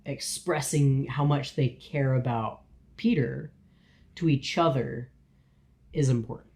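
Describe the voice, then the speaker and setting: Podcast co-host guy, really slow and thoughtful, mid pitch. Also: a little mellow. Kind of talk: casual chat.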